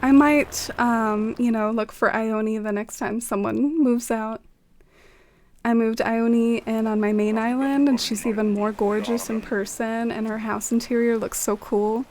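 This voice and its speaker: A woman's voice: fairly high pitch, steady tone, unhurried, a little mellow. A young woman streaming a game, chatting in a friendly way with viewers and musing aloud. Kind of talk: casual chat with viewers.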